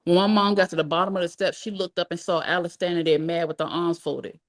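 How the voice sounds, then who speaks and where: A woman's voice: on the low side, quick pace. A woman expressively reading a family memoir aloud. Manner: expressive, animated. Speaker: storyteller.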